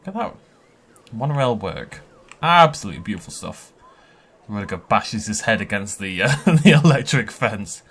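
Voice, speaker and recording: A man giving an excitable, chatty tour of a park built in a game, laughing often as he goes. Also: on the low side, normal speed, husky. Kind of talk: casual gameplay commentary.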